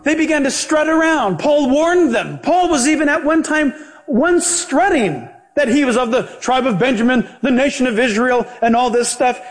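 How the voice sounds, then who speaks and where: High, lively male pastor preaching. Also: normal speed. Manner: animated, joking, acts out quoted voices. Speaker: pastor and Bible teacher. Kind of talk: sermon.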